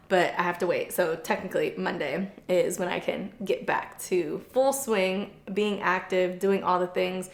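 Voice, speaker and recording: A woman's voice: medium pitch, measured pace, vocal fry. A young woman co-hosting a podcast, speaking openly and chattily, with lots of "like" fillers. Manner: chatty and open, frequent "like" fillers, animated retelling. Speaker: podcast co-host. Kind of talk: candid personal storytelling. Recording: echoey room.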